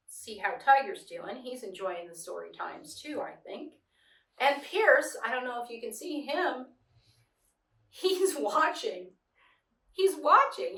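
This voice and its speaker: Expressive middle-aged woman reading children's stories. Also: a little high. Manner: gentle, expressive, chatty with a child nearby. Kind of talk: children's story read-aloud. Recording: echoey room, mic at a distance.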